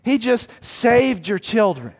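High-voiced animated preacher man. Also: takes it slowly. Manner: animated, acts out voices and cries, rhetorical repetition. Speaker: pastor. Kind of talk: sermon.

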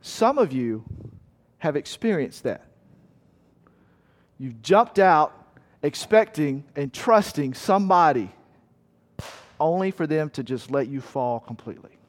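Pastor, man, fairly high voice, earnest, emphatic, storytelling, long hall reverb. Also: lively intonation, slow pace, pauses often. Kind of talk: sermon.

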